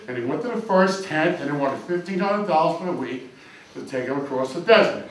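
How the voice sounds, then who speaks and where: A man's voice: a little high, expressive, a little fast. A man doing crude, punchy stand-up comedy on a club stage. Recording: echoey club from far off. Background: audience laughing.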